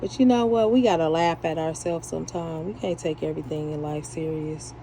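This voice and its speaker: A woman's voice: low-pitched, fairly even intonation, brisk, warm tone, slight background noise, poor audio. A woman chatting casually while she makes beaded jewelry and laughs at herself. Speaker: jewelry maker. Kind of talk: casual chat while beading.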